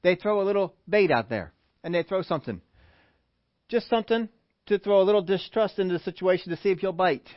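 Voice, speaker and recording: A man preaching a sermon, animated, who acts out the voices he quotes. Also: sits high, no echo, muffled recording. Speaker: pastor.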